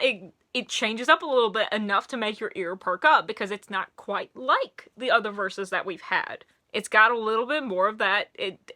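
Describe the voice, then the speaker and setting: Bright excitable Tennessee woman reviewer. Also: on the high side. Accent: Middle Tennessee. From Middle Tennessee. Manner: animated, laughing, quick bursts of excitement. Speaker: music reviewer. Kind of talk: casual video review.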